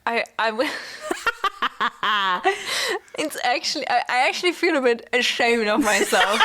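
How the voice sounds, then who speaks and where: A woman's voice: high-pitched, animated, unhurried, sharp tone, a little hiss or hum. Playful woman co-host, often laughing. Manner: laughing, playful, self-mocking. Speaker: podcast co-host. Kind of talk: casual book-club chat.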